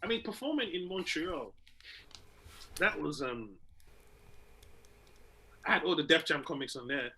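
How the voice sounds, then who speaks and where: A young comedian co-hosting a podcast, telling animated stories and acting out little scenes as he talks. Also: on the high side, measured pace, long pauses, low-quality recording. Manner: animated storyteller, acts out little scenes, laughs readily. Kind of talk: casual chat.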